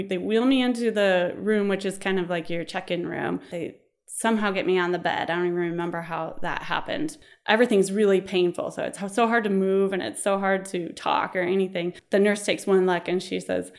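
A woman in her thirties telling a personal story in a casual, animated way, laughing and acting out the voices of others. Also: mid-range voice.

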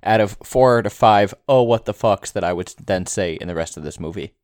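Wry low-voiced podcast guest. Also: male voice, a little fast, no echo, clean studio sound. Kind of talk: casual podcast chat.

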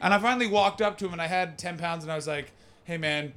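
A man's voice: sits high, rapid-fire, fairly bright tone. A man doing stand-up comedy, telling a rambling, crude, self-mocking story and chatting with people in the crowd. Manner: talks with the crowd.

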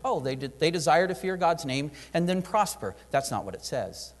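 A man preaching a sermon, animated, acting out prayers and dialogue in different voices. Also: fairly high pitch, a little fast, few pauses. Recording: long hall reverb.

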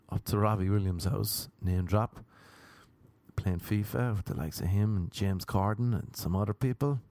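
Irish podcast dude, young, rambling and swearing, dead dry mic. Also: male voice, fairly low pitch, darkish tone, no echo. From Ireland. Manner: rambling, crude, storytelling. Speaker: podcast host. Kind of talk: casual monologue.

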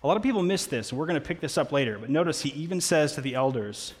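A man's voice: a little high, animated, rapid-fire. A man, a pastor, preaching a sermon in a casual, conversational way with playful asides. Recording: long reverb of a large hall.

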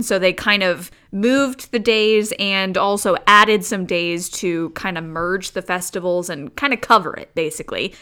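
A woman's voice: mid-range voice, pushed and bright. A woman co-hosting a casual talk show, explaining history in a chatty way with joking asides. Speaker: podcast co-host.

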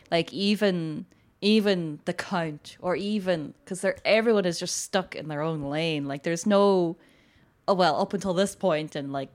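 A woman co-hosting a casual film podcast, talking with lots of fillers and frequent laughter. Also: lowish voice. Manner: animated, laughs often, many fillers. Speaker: podcast co-host.

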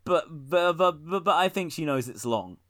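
A man's voice: on the high side, animated, normal speed, a bit bright. A man co-hosting a casual political podcast, wry and rambling, often laughing at his own jokes. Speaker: podcast co-host.

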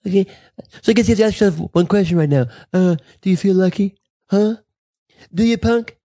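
A man's voice: high voice, brisk, dark tone, no room sound, clean studio sound, pitched above the performer's own voice, lightly acted. A man doing a brash boastful politician. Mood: swaggering. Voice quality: boastful, clipped punchy phrases. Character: brash blustering male politician impression.

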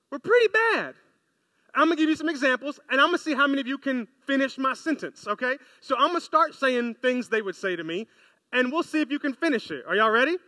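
A man preaching a sermon in an animated, conversational way, often asking his listeners questions. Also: extremely high pitch, dry recording. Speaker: pastor. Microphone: close mic, podcast.

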